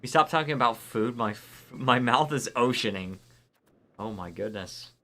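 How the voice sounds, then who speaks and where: A man's voice: medium pitch, animated, moderate pace, pushed and bright. A man from Florida, chatting casually and rambling through a live game stream while he answers viewer chat. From Florida, United States.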